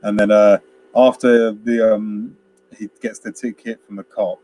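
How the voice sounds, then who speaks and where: A man's voice: on the low side, flat delivery, unhurried, mellow. Man, casual film review chat, rambling retelling, quoted lines, faint background hiss. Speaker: podcast co-host.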